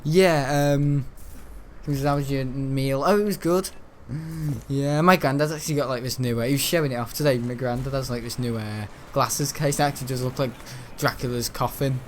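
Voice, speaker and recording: A man's voice: mid-range voice, normal speed, slight background noise. A seventeen-year-old boy, rambling and grumbling through casual gameplay commentary. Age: teens. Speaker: gaming channel host.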